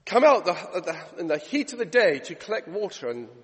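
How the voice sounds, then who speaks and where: A male pastor with a high, slightly husky voice delivers a sermon. He retells scripture stories in a chatty way and builds to emphatic, driving preaching. The sound carries a long reverb from a church hall. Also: sing-song, moderate pace, fairly bright tone. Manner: storytelling, rising to emphatic preaching.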